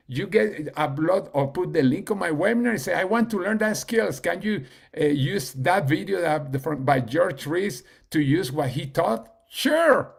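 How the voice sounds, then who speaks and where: Halting man with a gravelly voice. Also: a little high. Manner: halting, many fillers and restarts. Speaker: team leader and coach. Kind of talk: casual team training talk.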